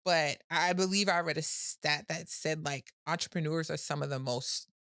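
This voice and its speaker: A woman business owner speaks as a podcast guest in casual conversation. Her voice sits fairly low, and she is candid, laughs often and stumbles over her sentence starts. The mic is close and dry. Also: normal speed, fairly bright tone, no room sound.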